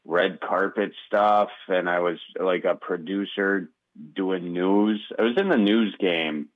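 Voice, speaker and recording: A man's voice: low voice, slow pace, narrow, tinny audio. A man with a Wisconsin accent, a comedian guest talking easily in a casual interview, with lots of fillers. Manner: easygoing, rambling, many fillers.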